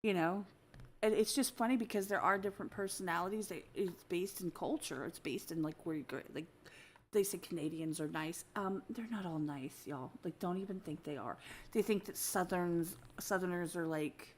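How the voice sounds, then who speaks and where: A woman's voice: on the low side, moderate pace, slight background noise. An American woman hosting a casual podcast chat, laughing often and swearing freely as she tells stories. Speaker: podcast host.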